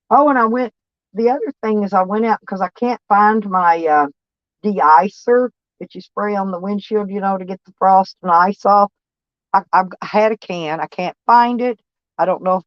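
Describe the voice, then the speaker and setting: A woman's voice: mid-range voice, dry recording. Older woman, van-life vlogger; loose folksy rambling, salty language, dry lo-fi recording. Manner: rambling, folksy storytelling with cussing and laughs. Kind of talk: casual chat. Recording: dull lo-fi sound.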